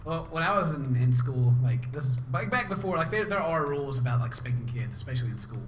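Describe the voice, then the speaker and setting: A man's voice: medium pitch, expressive, fast. A young man with a mild Southern accent in a casual chat, rambling and peppering his talk with "like". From Southern United States. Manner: rambling, heavy use of "like". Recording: roomy echo, faint background hum.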